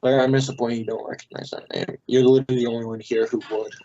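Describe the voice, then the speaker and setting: A man's voice: mid-range voice, level tone, mellow. A man runs a tabletop game in a plain mid-range voice, bluntly describing the scene and nudging his players along. The recording is a little dull and muffled, with faint noise behind him. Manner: brisk, blunt, swears casually. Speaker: game master.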